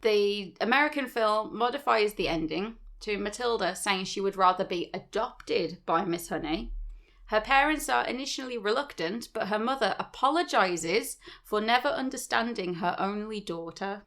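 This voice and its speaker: A woman co-hosting a podcast, chatting loosely through a story retelling. She swears offhandedly and laughs at her own asides. Her voice sits at an ordinary middle pitch. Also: fairly bright tone. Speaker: podcast co-host. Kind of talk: casual chat retelling a story.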